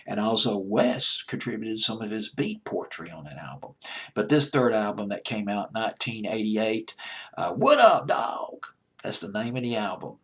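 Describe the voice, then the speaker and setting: Husky Southern man hosting a countdown. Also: on the low side, normal speed. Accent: Southern US (Alabama). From Alabama, US. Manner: chatty, enthusiastic, laughs often, stumbles and restarts. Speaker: radio-style countdown deejay. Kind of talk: casual countdown commentary.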